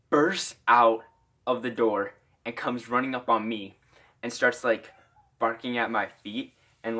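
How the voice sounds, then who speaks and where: A man's voice: medium pitch, sharp tone. A young man from Iowa telling a casual story-time tale, rambling with lots of "like" fillers.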